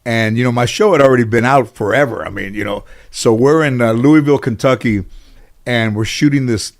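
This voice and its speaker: A man's voice: mid-range voice, fairly quick. A man sits as an interview guest and tells long, winding stories. He talks in a loose, casual way, full of restarts and "you know" fillers. He acts out other people's lines as he goes. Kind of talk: casual anecdotal storytelling.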